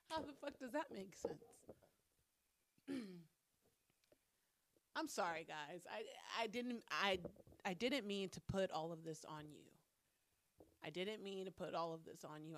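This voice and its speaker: A woman's voice: medium pitch, a bit bright. A woman hosting her own podcast alone, talking bluntly with plenty of swearing as she vents. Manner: blunt, profane, venting. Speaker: podcast host. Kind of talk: solo podcast chat. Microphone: camera mic.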